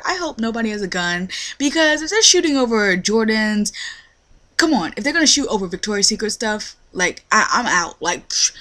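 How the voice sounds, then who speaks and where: A young woman with a lively, slangy, profane storytelling manner, acting out quotes as she rants in a casual vlog. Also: medium pitch. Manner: animated storytelling, acts out quotes. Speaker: retail worker.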